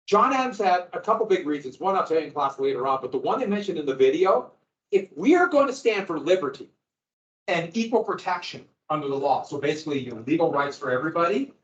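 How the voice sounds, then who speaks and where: A man teaching a history class, explaining in a loose, conversational way to his students in a classroom. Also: on the high side. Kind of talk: classroom lecture. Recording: echoey, dull lo-fi classroom audio.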